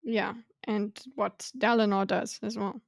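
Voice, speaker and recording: A woman's voice: mid-range voice, little pitch movement, a little slow, gravelly, no room sound, studio quality. A woman co-hosting a book club podcast, musing tentatively, hedging and circling back as she thinks. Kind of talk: casual book discussion.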